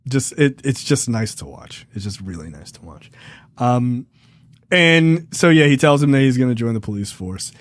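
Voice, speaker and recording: A man's voice: mid-range voice, animated, moderate pace, no room sound. A man co-hosting a film review podcast in loose, profane casual chat, laughing and acting out lines from the show. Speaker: podcast co-host.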